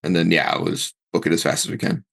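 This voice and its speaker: A man's voice: deep voice, very animated, fast, vocal fry, fairly bright tone. A young man playing a tabletop game, talking casually and slipping into his character's lines. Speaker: player.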